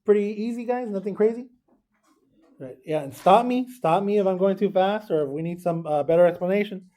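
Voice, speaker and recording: A man's voice: high voice, a little fast, dark tone. Man teaching math step by step. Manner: talks through arithmetic step by step, checking in with students. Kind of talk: classroom lesson. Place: classroom.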